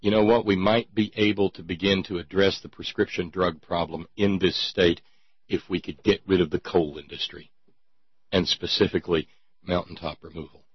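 A man's voice: low voice, steady tone, moderate pace, breathy edge, no room sound. A man giving sarcastic, indignant political commentary full of rhetorical questions. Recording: dull lo-fi sound.

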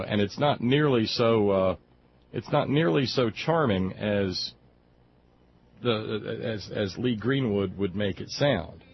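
A man's voice: fairly low pitch, highs cut off, slight background noise. A man hosting political talk radio who delivers sardonic, indignant commentary and often stumbles over his words in restarts. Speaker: radio talk show host.

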